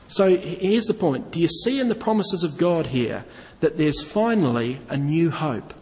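A man's voice: fairly high pitch, darkish tone, big-room sound, rough recording. A man preaching a sermon, asking his listeners questions and leaning hard on key words. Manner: asks the congregation questions, stresses key words.

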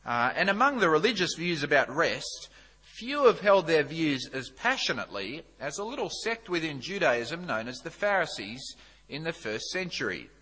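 A man's voice: on the high side, sing-song, normal speed, pushed and bright, slightly rough. A man preaching a sermon as a visiting speaker, conversational and self-deprecating, with many fillers. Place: church. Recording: echoey church hall.

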